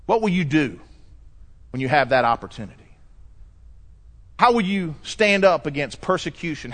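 A male pastor delivering a lively sermon, telling stories and acting out voices as he preaches. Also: on the high side. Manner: animated storytelling preacher, shifting pace, acts out quotes.

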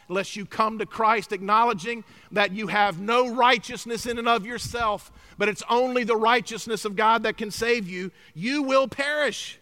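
A middle-aged male pastor preaching a sermon, emphatic and swinging from loud exclamations to hushed, grave lines. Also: high-pitched, a little slow.

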